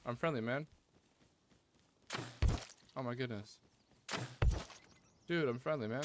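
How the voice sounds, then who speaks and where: A man chatting casually while playing an online survival game, excitable and quick to yelp when things go wrong. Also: medium pitch. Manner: excitable, yelps when panicked. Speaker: gamer streamer. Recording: noisy game audio behind.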